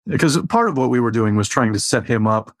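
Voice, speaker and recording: A man with a mid-range voice who explains things steadily in a relaxed business chat. The recording is dry and close. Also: mid-range voice, fairly quick, no echo. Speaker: co-host, marketing team member.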